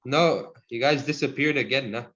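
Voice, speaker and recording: A man teaching a Cree language class over a video call, friendly and encouraging, chuckling often and slowing down to model each word. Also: mid-range voice, a bit bright. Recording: dull lo-fi video call audio.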